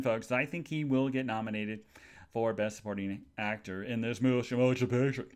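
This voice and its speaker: A man's voice: mid-range voice, quick pace. A man hosting a casual solo podcast, telling everyday stories in a chatty way with funny asides. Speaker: podcast host.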